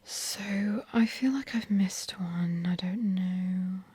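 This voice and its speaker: A young woman whispers breathily, chatting on and on with plenty of fillers. Her tone is dark and mellow. The sound is dry and close, recorded in a room at home. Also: medium pitch, slow, breathy edge, dry recording. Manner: rambling, chatty, many fillers. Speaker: ASMR host. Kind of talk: whispered ASMR chat.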